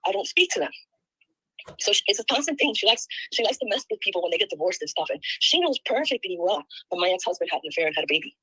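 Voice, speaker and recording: An older woman with grandchildren, venting rapidly and aggrieved in a casual call. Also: mid-range voice, very animated, bright, forceful tone, breathy edge, no room sound, poor audio. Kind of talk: casual chat.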